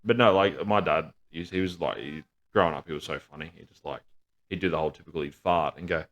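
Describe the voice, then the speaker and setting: Man, very low voice, crude, swearing, laughing, casual podcast banter. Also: quick pace, a bit bright. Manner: crude joke-telling, swears freely, laughs often. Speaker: podcast co-host.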